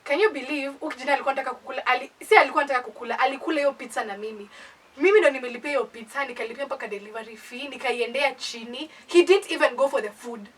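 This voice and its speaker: A young woman with a Kenyan accent telling a casual storytime, animated and indignant. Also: sits high, very fast, breathy edge. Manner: animated, indignant, code-switching. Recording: voice distant from the mic.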